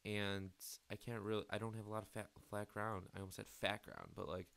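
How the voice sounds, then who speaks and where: A man's voice: lowish voice, little pitch movement, a little fast, creaky, fairly bright tone, clean tone. An eighteen-year-old man rambling crudely and mockingly at himself while giving casual gameplay commentary. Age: late teens. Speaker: gaming YouTuber.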